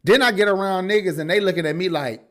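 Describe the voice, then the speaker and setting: A man's voice: high-pitched, fast talker, fairly bright tone. A man co-hosting a podcast, telling stories in casual, profane chat and slipping into mocking voices. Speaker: podcast co-host.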